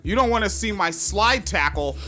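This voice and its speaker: A man voicing an indignant, fussy white male theatergoer who blusters in a shrill, exclaiming voice. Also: expressive, normal speed, bright, forceful tone, faint music behind. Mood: flustered bluster.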